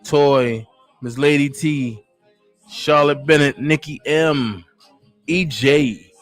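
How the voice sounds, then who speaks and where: A man hosting a casual livestream chat, giving his opinion in a blunt, candid, unhurried way. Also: a little high, soft background music. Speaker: livestream host.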